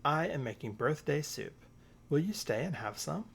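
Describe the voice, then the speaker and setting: A man reading a storybook aloud, voicing an eager, excitable little bear cub. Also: on the high side, moderate pace, gravelly, breathy edge, exaggerated voice. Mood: cheerful.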